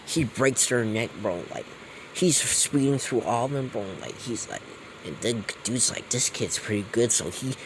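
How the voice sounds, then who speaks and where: A man's voice: mid-range voice, animated, normal speed, noisy background. A man casually retelling a fan story, rambling and slangy with many fillers.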